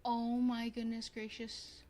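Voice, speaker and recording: A young woman streaming a life-sim game, chatting casually to viewers in a bubbly, excitable way, gasping and repeating herself. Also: fairly high pitch, slow. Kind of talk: casual gaming stream chat.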